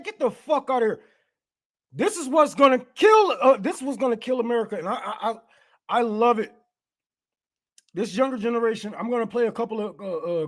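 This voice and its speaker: High-pitched male host, profane stammering rants. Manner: stammering, laughing, heated. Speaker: podcast host. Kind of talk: profane ranting commentary.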